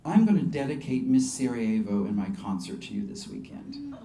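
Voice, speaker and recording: A gentle, earnest Irish singer, as a male storyteller imitates him, speaking in a measured, hushed way. The room around him echoes. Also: mid-range voice, wildly swooping pitch, a little hiss or hum. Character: gentle Irish rock singer, small and calm.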